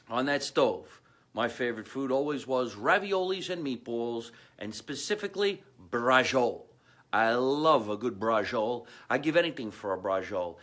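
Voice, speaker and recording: A man's voice: mid-range voice, a bit bright. A man hosting a comedy podcast from a home basement, rambling through sponsor plugs and stories in a chatty, salesman-like way.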